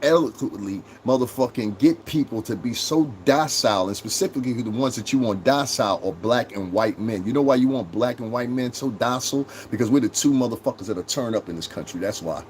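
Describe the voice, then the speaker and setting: A man's voice: animated, a little fast, few pauses, a little mellow, a little hiss or hum. A man hosting a livestream, delivering a profane, combative rant and berating the people in his chat. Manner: profane, combative, mocks chat commenters in high mimicking voices. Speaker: livestream host.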